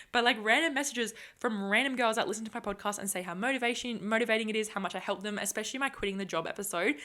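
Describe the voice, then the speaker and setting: A woman's voice: mid-range voice, a bit bright. A woman, hosting a solo podcast in an upbeat, chatty way, swearing freely and making self-aware asides. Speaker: podcast host. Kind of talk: casual solo podcast chat.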